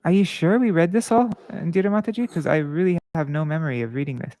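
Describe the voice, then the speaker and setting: A man reading devotional scripture and commentary aloud to a class, measured and earnest, with small restarts. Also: on the high side, dark tone, dry recording.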